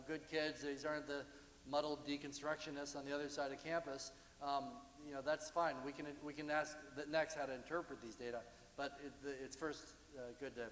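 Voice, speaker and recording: A man giving a university lecture about slides, talking in a conversational, halting way with frequent restarts. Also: a little high, a little hiss or hum. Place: lecture hall. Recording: echoey hall, distant.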